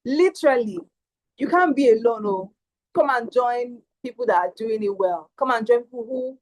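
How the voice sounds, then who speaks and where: Woman host, fairly high voice, upbeat and persuasive. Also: lively intonation, normal speed, poor audio. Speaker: webinar host. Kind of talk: hosting a webinar.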